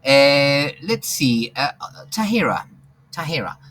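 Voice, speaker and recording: A man's voice: mid-range voice, sing-song, slow, fairly bright tone, low-quality recording. A man who grew up in England, teaching an online English class and talking with many fillers and restarts. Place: home, online video call. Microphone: computer mic on video call.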